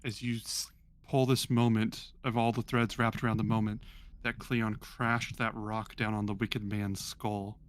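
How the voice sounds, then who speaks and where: A man's voice: lowish voice, flat delivery, unhurried. A man narrating a tabletop role-playing game as game master, describing the scene with casual fillers.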